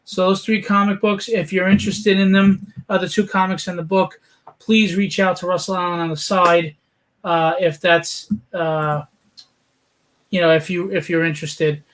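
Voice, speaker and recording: A man hosting an online charity art auction, talking in an energetic, persuasive way with frequent fillers. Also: sits high, moderate pace. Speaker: auction host. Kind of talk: charity livestream pitch.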